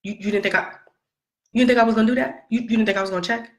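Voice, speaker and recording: Racing along in a fairly high, steady-toned voice, a middle-aged woman vents about her son, with a roomy sound to the recording. This vlogger and mother talks straight to the camera in a casual storytelling vlog. She's sassy and emphatic, repeating herself for effect.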